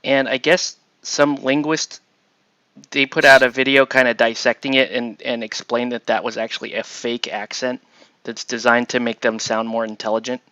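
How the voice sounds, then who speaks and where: A man's voice: mid-range voice, flat delivery, normal speed, pushed and bright, smooth, no echo, lo-fi sound. A man in easygoing casual chat with friends, laughing often. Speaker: hobby streamer.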